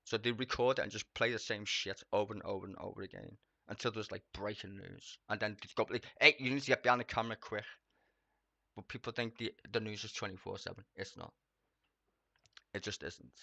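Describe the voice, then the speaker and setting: A man's voice: lowish voice, fairly even intonation, fairly quick, creaky, a bit bright, no room sound. A man streaming live, ranting casually and mockingly about the news, swearing often and laughing.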